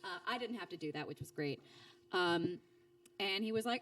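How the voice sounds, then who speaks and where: A woman's voice: fairly quick, recorded from a distance. A woman in her thirties, a voice actor, telling stories in a casual interview, full of fillers and restarts and acting out quoted lines. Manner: animated, acts out quoted speech with big pitch jumps; chatty with frequent fillers and restarts. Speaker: voice actor guest.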